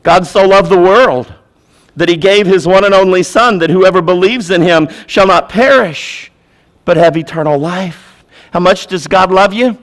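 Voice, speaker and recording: A man preaching a sermon as a pastor, his voice sitting a little higher than most men's. He drives points home by repeating phrases. He moves from loud, urgent pushes to quiet, low words.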